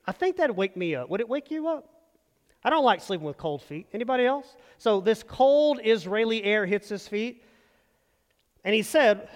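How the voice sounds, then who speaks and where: A man with a high voice delivering a sermon to his congregation. He keeps it conversational, throwing out quick rhetorical questions. His words hang in the long reverb of a large hall. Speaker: pastor.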